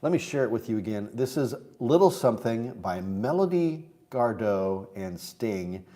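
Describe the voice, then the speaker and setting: A man's voice: lowish voice, lively intonation, moderate pace, dark tone. A man casually hosting a morning livestream, chatting with viewers and reading their comments aloud. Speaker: livestream host selling instruments. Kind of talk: casual live-stream chat.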